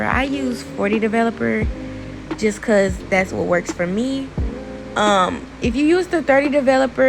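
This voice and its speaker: Chatty young woman with a gravelly voice. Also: on the high side, rough recording. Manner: chatty, informal slang, addresses viewers as y'all. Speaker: beauty vlogger. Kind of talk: casual tutorial voice-over.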